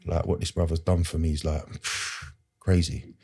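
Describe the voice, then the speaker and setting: A man's voice: extremely low pitch, flat delivery, moderate pace, vocal fry, warm tone, breathy edge. A man, a podcast guest telling his personal story in an earnest, rambling way with street slang and lots of fillers.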